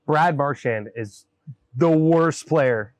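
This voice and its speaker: Guy host grumbling n teasing, bit high voice, outdoors in a backyard. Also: slow, dry recording. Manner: mock-exasperated, grumbling, teasing. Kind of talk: comedic casual banter.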